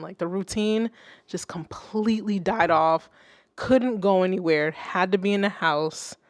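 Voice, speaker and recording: A young adult woman, a music producer, hosting a casual livestream and chatting with viewers, swearing freely and swinging between loud outbursts and soft asides. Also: mid-range voice, no room sound, clean studio sound. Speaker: music producer and stream host.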